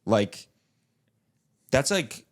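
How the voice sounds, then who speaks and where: A man's voice: mid-range voice, very animated, extremely slow. A young man co-hosting a podcast, chatting casually and rambling with lots of filler words. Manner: rambling, many filler likes and restarts, laughs often. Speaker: podcast co-host. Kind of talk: casual chat.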